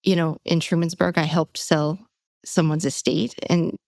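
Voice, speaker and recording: A woman co-hosting a casual podcast, sharing stories about her clients. She talks in a fairly low voice that jumps up when she quotes people. The sound is dry and close. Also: moderate pace, vocal fry, no room sound. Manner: animated storyteller, acts out quoted clients in a raised voice. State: getting emotional. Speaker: real estate agent and podcast host.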